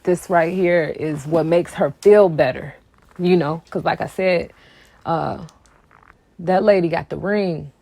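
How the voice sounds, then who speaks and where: A woman with a fairly low voice talks casually about a song, sassy and emphatic. She repeats her points for weight. Her voice is recorded close and dry. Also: takes it slowly, dark tone, no room sound. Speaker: music commentary vlogger. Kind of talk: casual reaction commentary.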